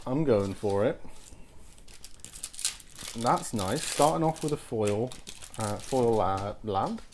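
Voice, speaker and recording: A man hosting a card-opening video, giving casual commentary and exclaiming excitedly at each pull. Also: medium pitch, slow pace, a little hiss or hum. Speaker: host opening card packs.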